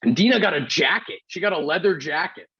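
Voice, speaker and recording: Husky sick-sounding New man. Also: a little high, brisk. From New York City. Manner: rambling, profane, animated storyteller. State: sick with covid. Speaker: comedian podcast host. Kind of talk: casual storytelling chat. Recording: dull lo-fi sound.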